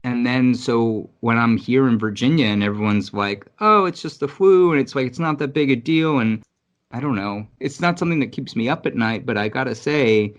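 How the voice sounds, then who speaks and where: With highs cut off in the recording, a podcast co-host from New York City speaks at a moderate pace in a mid-range voice. His casual chat is blunt and emphatic, packed with swearing and restarts.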